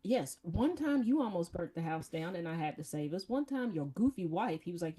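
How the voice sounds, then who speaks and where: A woman's voice: mid-range voice, brisk, hardly any pauses, husky. A woman, probably in her fifties, hosting a casual chat and telling blunt, profane family stories. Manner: profane, blunt, animated storytelling with mocking voices. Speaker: podcast host.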